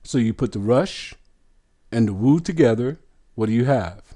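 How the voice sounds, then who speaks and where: A man teaching scripture line by line, deliberate and insistent, sounding out words syllable by syllable and asking rhetorical questions. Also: mid-range voice, lively intonation, dark tone. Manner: earnest and insistent. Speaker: bible teacher.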